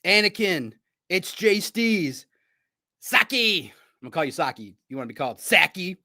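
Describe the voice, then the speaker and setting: A man hosting a live sports recap stream, talking in a rambling, excitable way with frequent laughs. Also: moderate pace. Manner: animated swings between loud outbursts and low asides. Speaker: sports podcast host.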